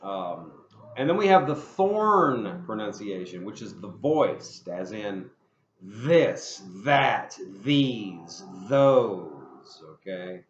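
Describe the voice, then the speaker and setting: Slow, deliberate man teaching. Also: fairly low pitch, very animated, slight background noise. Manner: slow, deliberate modeling of sounds, spelling words out and repeating drill phrases. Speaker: English pronunciation teacher. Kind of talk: pronunciation lesson. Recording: roomy, slightly dull recording.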